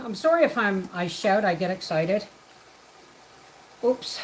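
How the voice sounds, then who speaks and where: A woman's voice: mid-range voice, animated, a little slow, long pauses, poor audio. A woman hosting a homestead livestream from her kitchen, chatting casually as she cooks and greeting viewers by name. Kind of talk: casual livestream chat while cooking. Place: home kitchen.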